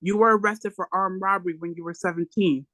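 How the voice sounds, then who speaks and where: A blustering male police officer who accuses, as a reader puts him on. His voice is bright and sits dry on the mic. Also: mid-range voice, fairly even intonation, brisk, no echo, natural voice. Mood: accusing.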